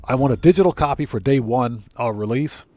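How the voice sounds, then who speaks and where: A man's voice: mid-range voice, fairly quick, warm tone. A man streaming a video game live, chatting casually with viewers in a rambling, easygoing way, often correcting himself. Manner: rambling, easygoing, many fillers and self-corrections. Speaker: GTA streamer and content creator. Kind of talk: live gameplay commentary, reading chat.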